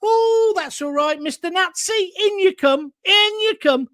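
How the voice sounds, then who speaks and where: A man's voice: very high-pitched, animated, unhurried, pushed and bright, no room sound, studio quality, voice pushed up, full character voice. A man putting on a simpering, over-welcoming man who waves everyone in, in a mocking sing-song.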